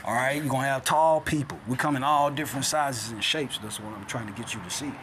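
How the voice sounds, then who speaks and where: A man's voice: quick pace, noisy background. Streetwise man teaching scripture. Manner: streetwise, keeps adding "man" and "all right?"; insistent, swings from loud to low. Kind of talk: informal bible teaching.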